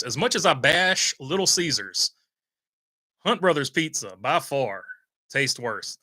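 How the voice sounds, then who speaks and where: Young adult man, livestream host reading chat; bright, crisp tone, dry close-mic sound, loose and rambling. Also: mid-range voice, animated, measured pace, pauses often, no room sound. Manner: rambling, many "uh" fillers, reads viewer comments aloud.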